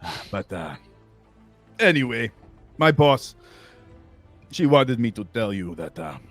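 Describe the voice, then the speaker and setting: A man's voice: mid-range voice, sing-song, takes it slowly, a bit bright, soft background music. A man voicing a big walrus-man bounty hunter who talks in a cheery, offhand way, polite while he threatens. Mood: cheery menace. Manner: cheery, offhand, with many ums and uhs.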